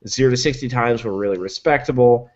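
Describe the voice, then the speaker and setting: A man's voice: mid-range voice, fast, darkish tone, muffled recording. Enthusiastic man rattling off truck specs. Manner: enthusiastic, rattles off specs with many likes and ums. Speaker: podcast guest, truck reviewer. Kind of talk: casual podcast chat.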